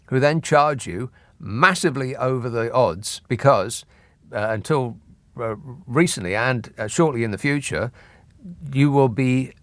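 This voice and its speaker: A man's voice: mid-range voice, a little slow, no room sound. A man hosting a radio phone-in, talking in a dry, sardonic way that builds into a rant. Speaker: radio talk show host. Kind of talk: late-night phone-in chat. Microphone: studio mic.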